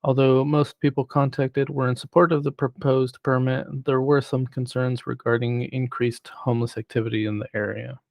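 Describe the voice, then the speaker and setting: A man on city planning staff who presents a formal report in a measured way, reading prepared remarks. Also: mid-range voice, flat delivery, gravelly, darkish tone, no echo. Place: city council chamber.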